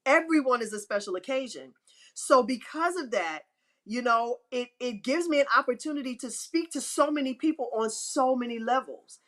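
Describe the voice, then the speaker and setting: A woman's voice: expressive, moderate pace, fairly bright tone. Emphatic woman giving a faith talk. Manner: emphatic, repeats phrases for effect; acts out quotes with pitch swings. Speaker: inspirational speaker. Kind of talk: faith-filled motivational talk.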